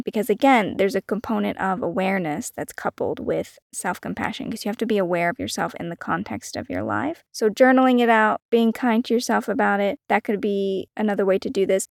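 A woman hosting a solo wellness podcast, talking in a gentle, encouraging way and laughing often. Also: mid-range voice, vocal fry, no room sound, studio quality. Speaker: podcast host.

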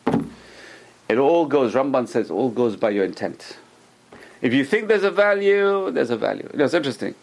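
A man's voice: medium pitch, a little fast, creaky, slight background noise. A man teaching a Torah class, telling stories and acting out the people in them, often repeating and restarting his phrases. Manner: animated storyteller, acts out quoted people.

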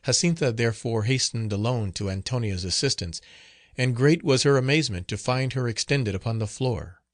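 A man narrating a gothic novel as an audiobook, reading in a measured, solemn manner. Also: mid-range voice, no echo, clean studio sound.

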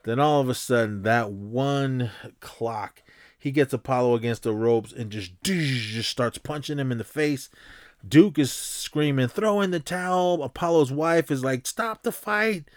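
Guy excitedly recapping a movie, loose and rambly, making punch noises, mid-pitched voice, dry close sound. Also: measured pace, no room sound. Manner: animated storytelling, acts out scenes with sound effects; loose and rambling, many fillers and restarts. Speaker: podcast host.

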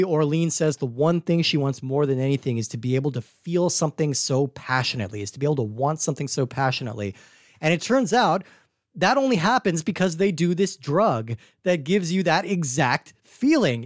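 A man's voice: fairly high pitch, dry recording, studio quality. A man talking casually about a movie on a podcast, rambling with lots of fillers and restarts. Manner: animated, rambling, frequent "like" and restarts. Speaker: podcast co-host. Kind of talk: casual film discussion.

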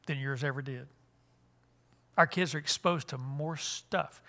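His voice runs on the high side with a sharp edge. The speaker, an older man, offers a humorous, homespun talk at a church conference and often starts his sentences over.

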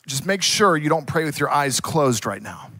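Dad quoting his earnest little boy, matter-of-fact, low-key. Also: big pitch swings, moderate pace, a bit bright, dry recording, exaggerated voice. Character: young boy, the speaker's son, earnest.

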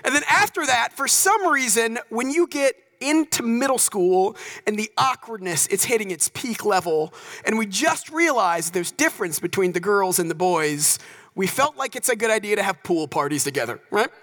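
Man, high voice, storytelling talk, animated and chatty. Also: normal speed, low-quality recording. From North Texas. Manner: animated, conversational, asks listeners "right?". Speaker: speaker.

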